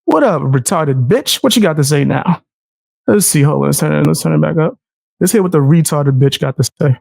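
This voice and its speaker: A man's voice: animated, fairly quick, creaky, darkish tone, no echo. A man livestreaming, arguing heatedly, taunting and mocking his opponent with frequent laughter. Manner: taunting, mocking, laughs often, mimics in a high voice.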